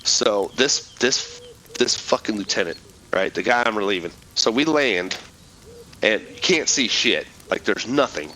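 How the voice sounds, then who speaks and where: A man's voice: lowish voice, animated, unhurried, sharp tone, a little hiss or hum, low-quality recording. A middle-aged man, a military veteran and podcast guest, telling a war story in casual talk that is heavy with swearing and rambles with many restarts.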